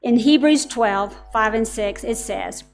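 A woman's voice: on the high side, a little slow, creaky, soft background music. A middle-aged woman preaching a sermon to parents, telling stories in an earnest, direct way.

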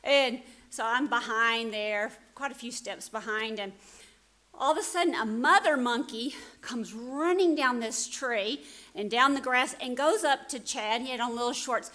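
A mother telling a lively, laughing story to a church congregation. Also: a little high, measured pace.

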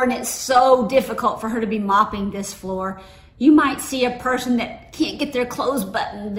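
A woman's voice: on the high side, fairly bright tone. Woman preaching in an echoey room. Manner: conversational, storytelling with personal anecdotes. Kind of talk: sermon. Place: church sanctuary. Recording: roomy echo.

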